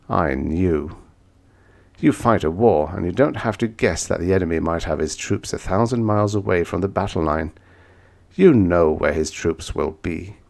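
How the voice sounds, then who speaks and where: Deep voiced guy reading old sci-fi aloud, first person, goes quiet then yells, lots of up and down. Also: vocal fry. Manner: dramatic, swings from hushed to shouting. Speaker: audiobook reader.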